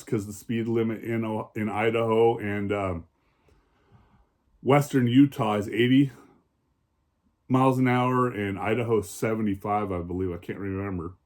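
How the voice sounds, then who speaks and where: A man's voice: mid-range voice, darkish tone. A man vlogger ranting about bad drivers, profane, heated and sarcastic, from the American Northwest. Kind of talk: angry personal rant. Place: home in Oregon.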